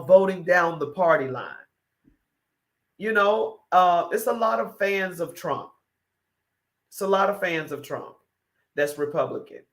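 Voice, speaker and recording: With a voice on the low side, a female morning show host delivers an emphatic, repetitive monologue full of opinions and rhetorical questions.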